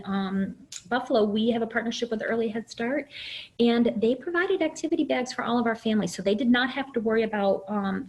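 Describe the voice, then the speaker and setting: A middle-aged woman presents a webinar over a video call, open and down to earth. She talks at an ordinary middle pitch, often pauses on "um", and draws examples from her own life. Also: darkish tone, low-quality recording. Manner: candid, uses herself as example, many fillers. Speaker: early childhood program director.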